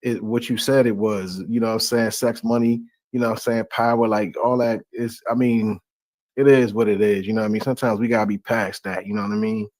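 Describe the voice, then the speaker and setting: A man's voice: fairly low pitch, a little fast, darkish tone, dry recording. A man hosting a live stream in a loose, laid-back, rambling way and inviting viewers to join. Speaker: host. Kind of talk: casual live-stream talk.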